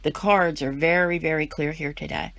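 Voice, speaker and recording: A woman's voice: low voice, fairly even intonation, moderate pace, fairly bright tone, no room sound. Emphatic woman giving a tarot reading. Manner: emphatic, conversational, acts out worried inner voices. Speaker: tarot reader.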